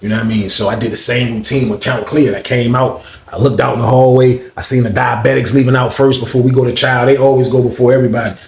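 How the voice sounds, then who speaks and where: A man telling a story casually, animated and slangy, acting out the quotes. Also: mid-range voice, fast talker, vocal fry, few pauses. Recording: roomy echo with faint ambience.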